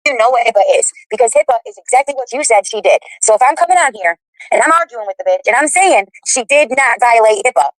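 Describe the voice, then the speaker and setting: A woman's voice: fairly high pitch, expressive, fast, dry recording. A woman ranting with indignant profanity. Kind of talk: angry recorded rant.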